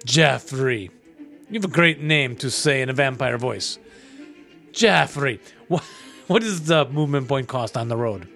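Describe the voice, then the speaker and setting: A man's voice: mid-range voice, fairly quick, fairly bright tone, soft background music. A man co-hosting a podcast, playfully quizzing his friend on board game rules in casual chat. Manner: playful, teasing quizmaster. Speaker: podcast co-host.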